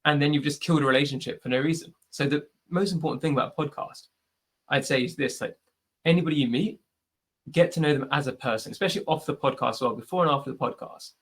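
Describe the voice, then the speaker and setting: Fast-talking and slightly rough, with a higher-pitched voice, this British podcast host gives a live online Q&A answer over video call. He's chatty and advice-driven, regularly tossing in "like" and "right?".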